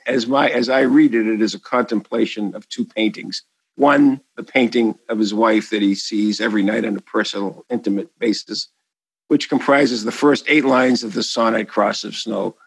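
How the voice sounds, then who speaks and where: A man's voice: mid-range voice, no echo, low-quality recording. A man with a Boston accent, an author answering an interview question in a rambling, enthusiastic way full of asides and restarts.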